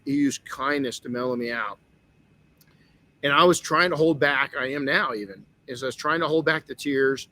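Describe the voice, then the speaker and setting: A middle-aged man with a medium-pitched, bright, forceful voice hosts a motivational podcast. He tells a personal story earnestly, restarting many times.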